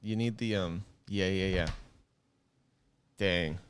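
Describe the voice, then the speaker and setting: A man's voice: sits low, steady tone, slow, noisy background. A man co-hosting a podcast in casual, joking banter, laughing often. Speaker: podcast co-host. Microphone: studio podcast mic with headphones.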